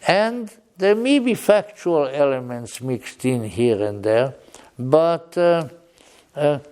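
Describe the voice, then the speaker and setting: A man giving an unscripted public lecture in a wry, digressive way, with joking asides and halting restarts. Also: medium pitch, darkish tone, clean tone.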